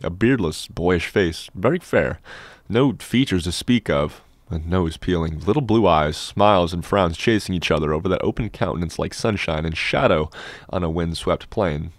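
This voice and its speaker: A man narrating a classic novel as an audiobook in a measured, steady storytelling manner, close on a studio mic. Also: deep voice, no echo. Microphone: dynamic studio microphone.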